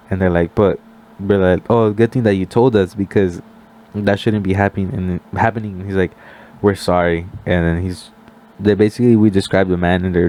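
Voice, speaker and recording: A young man on a casual podcast, telling a story with lots of "like" and acting out what other people said. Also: low voice. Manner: animated storyteller, acts out quoted voices, many "like" fillers. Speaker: podcast guest.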